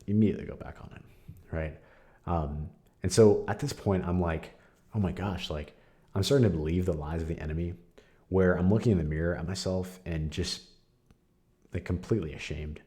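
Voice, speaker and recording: Young man, very low voice, podcast host, candid personal story, casual with fillers. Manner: candid and conversational, frequent fillers and soft laughs.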